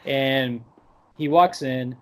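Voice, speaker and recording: A young man talks through a movie scene by scene on a podcast, in a relaxed conversational voice at a middle pitch. He rambles and fills his talk with "like", breaking into little impressions of the characters, and he sounds close to a podcast mic. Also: drawn-out words. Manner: loose, rambling recap full of "like" and mock quotes. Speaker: podcast host. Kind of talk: casual movie discussion. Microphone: podcast microphone.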